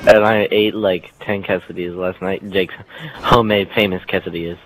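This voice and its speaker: A young man joking around with friends while playing an online game, goofy and loud, sometimes acting out a rogue cop. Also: low voice, fairly even intonation, normal speed, rough recording. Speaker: gamer. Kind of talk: casual gameplay banter.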